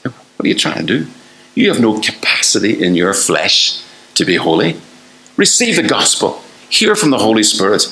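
A man's voice: on the low side, wildly swooping pitch, moderate pace, sharp tone, reverberant, rough recording. An older man preaching a fervent sermon, asking the listeners one rhetorical question after another and acting out the voices he quotes.

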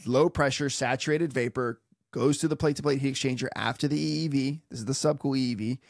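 A man's voice: medium pitch, fast, creaky, dry recording, studio quality. Playful man teaching HVAC systems. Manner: playful, theatrical asides and sound effects. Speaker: HVAC instructor. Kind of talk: animated technical tutorial.

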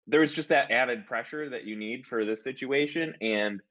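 A man's voice: mid-range voice, normal speed, fairly bright tone, lo-fi sound. A man co-hosting a podcast, chatting casually and telling a playful story. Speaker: podcast co-host. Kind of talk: casual chat.

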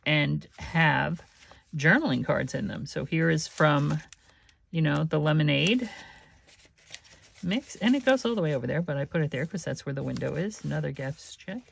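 Low gravelly woman chatting slowly. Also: a little hiss or hum. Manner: chatty, meandering, with soft laughs and many fillers. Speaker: crafting channel host. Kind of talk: casual craft flip-through.

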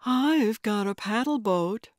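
A woman's voice: fairly high pitch, lively intonation, takes it slowly, dry recording. A woman narrator puts on a wry, unruffled neighbor woman who offers blunt practical help. Her voice rises a little above the narration and stays matter-of-fact, in a dry, close storybook recording.

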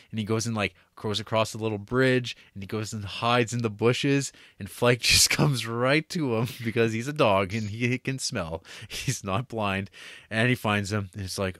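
A man co-hosting a film podcast, retelling the plot casually and acting out lines from the story with quick laughs. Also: lowish voice, fairly even intonation, a bit bright, dry recording, clean studio sound. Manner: laughs while talking, many restarts. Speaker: podcast co-host. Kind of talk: casual film review chat.

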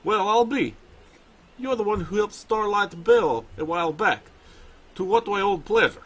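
A man's voice: sits high, animated, moderate pace, a bit bright, breathy edge, voice pushed up, full character voice. A man voicing a kindly, chatty male bear trainer with a put-on Russian accent and old-fashioned phrasing, reading game dialogue aloud. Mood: cheerful.

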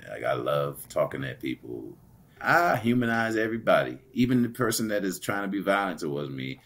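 Deep-voiced man telling a story. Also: brisk. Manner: animated, laughing while retelling dialogue. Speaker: guest. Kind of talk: conversational storytelling.

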